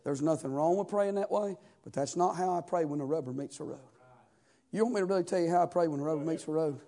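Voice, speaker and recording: A man's voice: fast talker, dark tone. A man preaching a sermon as pastor, with a chanting cadence broken by frequent "amen" and "uh". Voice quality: high-pitched for a man.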